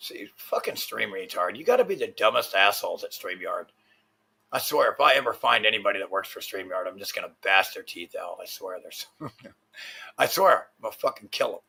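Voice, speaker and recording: A man rants on his own livestream, cursing constantly as he rambles in frustration. His voice has a rough, husky grain but a bright, sharp edge to it. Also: fairly low pitch, animated, fairly quick. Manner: angry, swearing, frustrated rambling. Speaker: livestream host. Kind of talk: profane ranting livestream.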